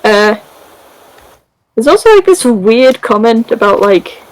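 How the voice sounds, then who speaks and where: A woman's voice: fairly high pitch, expressive, a little slow, a little hiss or hum, rough recording. A woman gaming creator casually recapping a story over gameplay, chatty and rambling with many fillers and giggles.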